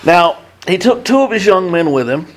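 Fifty-ish guy preaching, chatty and halting, drops quiet then gets loud. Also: high voice, sing-song. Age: 50s. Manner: conversational, halting with many restarts, swings between hushed and emphatic. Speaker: pastor. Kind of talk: sermon.

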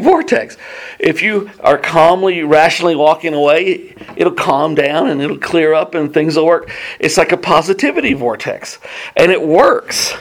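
A man teaching a Bible class in a casual way, telling personal stories earnestly and excitedly, often restarting his sentences. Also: on the high side.

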